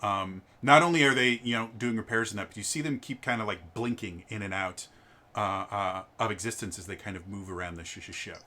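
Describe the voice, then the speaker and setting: A man's voice: lowish voice, brisk, pushed and bright. A man narrating as game master in a tabletop game, stammering with many fillers.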